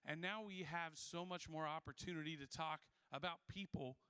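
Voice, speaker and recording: A man's voice: a little high, steady tone, moderate pace, pushed and bright, clean tone, no echo. A man moderating a convention panel, introducing the next guest in an upbeat, earnest way.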